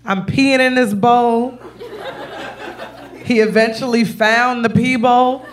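A woman comedian telling a brash, profane, animated story on stage. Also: on the high side, takes it slowly. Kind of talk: stand-up storytelling. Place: live comedy show.

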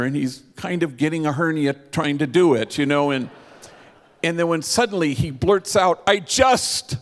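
A man preaching a sermon as a vivid storyteller who slows down for emphasis. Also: fairly high pitch, gravelly. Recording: long hall reverb.

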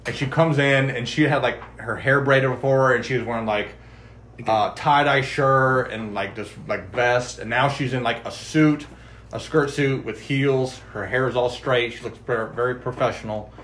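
A man's voice: medium pitch, normal speed, fairly bright tone. A man chatting casually on a podcast, walking through an episode beat by beat. He tells it like a storyteller and drops into the characters' quoted lines as he goes. His voice sits in an ordinary middle register. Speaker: podcast co-host. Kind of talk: casual chat recapping a TV episode.

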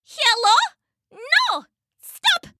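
A woman voicing a tiny, eager female mouse who talks in a high, insistent squeak in a storybook. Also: sing-song, very slow, very noisy, full character voice. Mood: urgent. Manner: squeaky, insistent, breaks into song.

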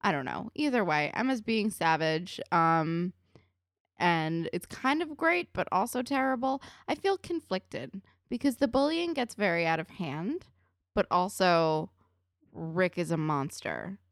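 A woman's voice: on the low side, animated, measured pace, no echo, clean studio sound. A woman co-hosting a podcast, musing over a TV episode in casual chat, opinionated and full of fillers. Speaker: podcast co-host.

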